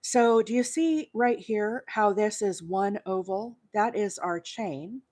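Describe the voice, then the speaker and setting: A woman's voice: mid-range voice, slow, darkish tone. Brief: woman host from Alabama, live crochet demo, chatty and patient, mid-range voice. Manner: friendly, greets viewers by name while counting stitches.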